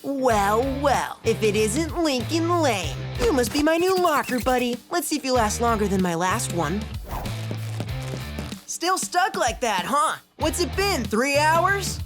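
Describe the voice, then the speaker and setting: A taunting cartoon bully. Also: female voice, sits high, very animated, a little slow, over music. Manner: mocking, taunting. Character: taunting schoolyard bully boy.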